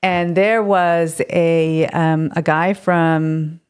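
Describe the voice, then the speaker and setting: A woman's voice: deep voice, level tone, very slow, a little mellow, clean tone. A woman from Pakistan co-hosting a podcast, easygoing and giggly in casual chat. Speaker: podcast co-host.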